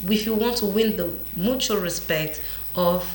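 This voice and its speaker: A woman hosting a faith-based panel discussion, asking questions in a measured way. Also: medium pitch, a little hiss or hum. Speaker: talk show host. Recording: echoey room.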